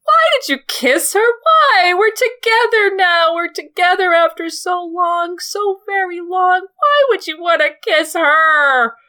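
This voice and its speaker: A woman doing a shrill, weeping jealous noblewoman. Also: lively intonation, takes it slowly, hardly any pauses, sharp tone, heavily acted. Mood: sobbing. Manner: shrill, sobbing, pleading outbursts. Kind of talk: dramatic book reading.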